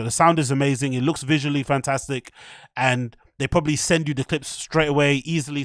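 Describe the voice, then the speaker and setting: A young man chats through a live stream in a loose, laughing way, swearing as he goes. His voice sits fairly high for a man. The sound is close and dry. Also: a bit bright, no room sound. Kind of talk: casual stream commentary.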